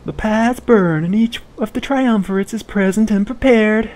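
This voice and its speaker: Uomo in falsetto per una solenne ufficiante donna. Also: male voice, moderate pace, darkish tone, faint music behind, close to an everyday voice. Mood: ceremonious. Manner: ceremonious, lofty speech.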